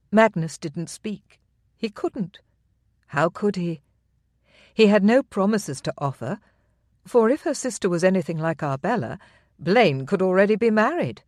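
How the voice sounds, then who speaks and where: An audiobook narrator reading a historical romance in measured, even storytelling. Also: medium pitch, no echo, clean studio sound. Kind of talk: scripted narration.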